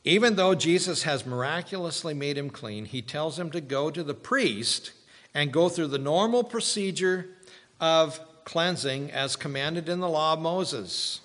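Slow-preaching man in a reverberant hall. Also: fairly high pitch, expressive, a bit bright. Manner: slow, deliberate preaching with dramatic pauses and rising emphasis. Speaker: pastor. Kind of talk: sermon.

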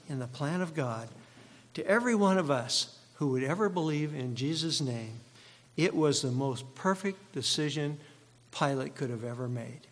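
A man's voice: a little high, big-room sound. A male pastor preaching an expository sermon, driving points home by repeating key phrases.

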